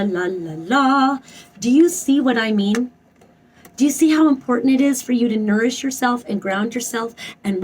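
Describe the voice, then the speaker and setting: A woman's voice: fairly high pitch, mellow, slightly rough, recorded from a distance, poor audio. A woman giving a spoken tarot reading, emphatic and blunt, swearing freely and repeating her phrases. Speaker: tarot reader.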